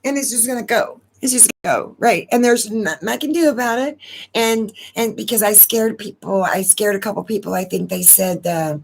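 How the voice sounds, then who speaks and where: A woman's voice: mid-range voice, normal speed, gravelly, slightly rough. A woman hosting a casual live stream, talking in a rambling, emotional way and repeating words as she goes. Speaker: astrology channel host.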